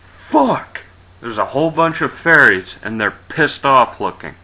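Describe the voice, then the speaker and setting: Bright-voiced man telling a profane fantasy tale. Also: medium pitch, expressive, moderate pace, rough recording. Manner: profane, rambling, voices his characters briefly. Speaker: storyteller. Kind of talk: casual improvised fantasy storytelling.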